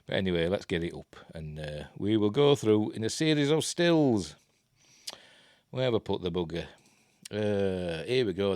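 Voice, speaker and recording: Yorkshire male host, lowish voice, dry close sound, rambling casual film chat. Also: darkish tone, dry recording. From Yorkshire, England. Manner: rambling, self-deprecating, mutters to himself. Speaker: host reviewing films.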